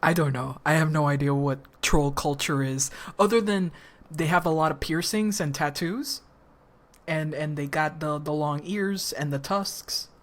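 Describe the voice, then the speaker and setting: A woman's voice: low voice, a little slow. A woman streamer casually recapping a story, rambling with lots of restarts and casual swearing.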